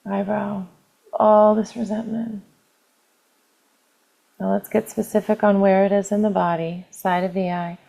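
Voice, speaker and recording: A woman leading a guided EFT tapping session, calling out tapping points in a slow, gentle, repetitive way. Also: mid-range voice, flat delivery, creaky.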